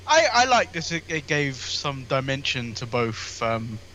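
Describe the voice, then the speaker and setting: A man with a London accent co-hosting a casual chat show, chatty and quick to giggle. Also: mid-range voice, big pitch swings, bright, forceful tone, a little hiss or hum. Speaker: co-host.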